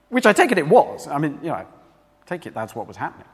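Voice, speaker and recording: A man's voice: sits high, big pitch swings, fast, fairly bright tone, big-room sound. A man preaching a sermon in a church, talking conversationally and asking the congregation questions.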